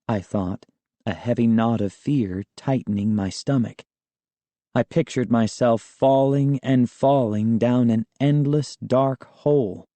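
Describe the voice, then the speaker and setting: A male narrator reads a children's storybook in a calm, measured way. His voice is dark and mellow and his pace is slow, in a dry, close recording. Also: medium pitch, no room sound. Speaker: audiobook narrator. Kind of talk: scripted first-person storybook narration.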